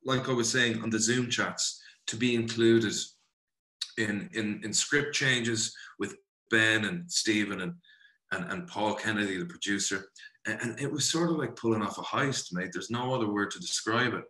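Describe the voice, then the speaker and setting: A man from Ireland giving a casual interview as an actor, animated and chatty, often saying "you know" and calling the interviewer brother. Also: fairly low pitch, moderate pace. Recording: roomy echo.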